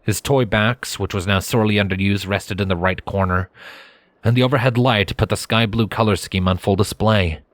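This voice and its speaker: A man reading a fanfiction story aloud in steady, measured narration. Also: on the low side, dry recording. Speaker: fanfiction reader.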